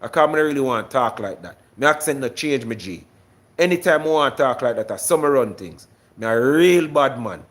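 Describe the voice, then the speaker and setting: A young man speaking in a thick Jamaican accent on a livestream, loud and boastful. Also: medium pitch, animated, moderate pace, lightly acted. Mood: swaggering. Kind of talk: casual livestream chat in heavy Jamaican patois.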